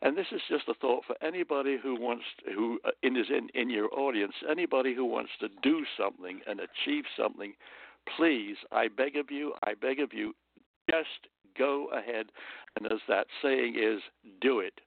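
A British man from London tells anecdotes as an interview guest, earnest and prone to little pep talks. His voice is gravelly, sitting at an ordinary pitch. It comes through a dry, tinny phone line. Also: fairly quick, dry recording. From London, England. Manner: lively, earnest raconteur who drifts into motivational asides. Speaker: guest storyteller.

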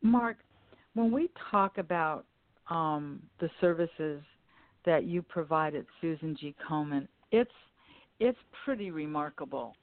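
A woman's voice: sits low, animated, a little slow, no room sound. A woman hosting an interview, affirming her guests and asking questions with hesitant phrasing. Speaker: host. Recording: tinny phone-like sound.

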